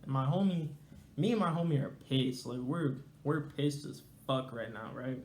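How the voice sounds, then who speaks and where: A man's voice: mid-range voice, animated, normal speed, a little mellow, roomy sound, a little hiss or hum. A young man telling a casual, slangy, rambling story to his viewers. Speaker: storyteller vlogger.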